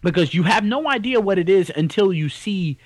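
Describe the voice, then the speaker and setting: Guy co-hosting a podcast, bit high voice, super lively, dry close mic. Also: brisk, dry recording, poor audio. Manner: animated, rambling, opinionated gamer talk. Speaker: podcast co-host. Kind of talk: casual chat.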